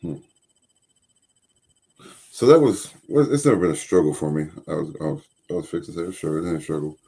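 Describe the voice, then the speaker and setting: A man with an extremely deep voice, dark and mellow in tone, and a husky edge. He co-hosts a faith podcast and talks hesitantly, filling pauses with ums. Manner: hesitant, many ums and restarts. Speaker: podcast co-host. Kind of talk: faith-based podcast talk.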